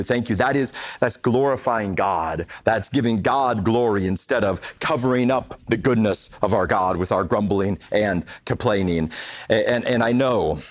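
A middle-aged man preaching a sermon in a conversational, animated way, acting out little quotes. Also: on the low side.

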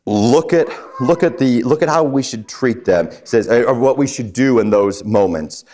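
A man's voice: medium pitch, animated, normal speed, darkish tone. A man preaching on a psalm, often stumbling and repeating words, and putting questions to his listeners. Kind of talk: sermon on a psalm.

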